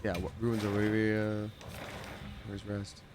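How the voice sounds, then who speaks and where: A man's voice: lowish voice, monotone, measured pace, noisy background. A young man chatting casually while playing a game on a livestream, rambling and answering viewers' questions from his home setup. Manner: chatty, rambling, reads chat aloud. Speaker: streamer and voice actor. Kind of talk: casual livestream gameplay chat.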